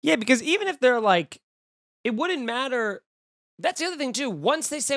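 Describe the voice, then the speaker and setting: A man's voice: sits high, moderate pace, dry recording, studio quality. A young man hosting a comedy podcast, ranting casually and acting out the voices of people he quotes. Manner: animated, acts out quoted voices.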